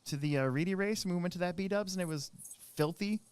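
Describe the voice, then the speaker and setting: A man's voice: high voice, quick pace, clean tone, no echo. A man in his thirties hosting a podcast, telling a long rambling story in casual chat with many restarts. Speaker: podcast co-host.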